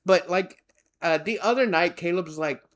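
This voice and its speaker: Animated man telling a story. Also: sits high, normal speed. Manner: rambling, animated, acts out quoted people. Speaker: podcast co-host. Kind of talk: casual storytelling chat.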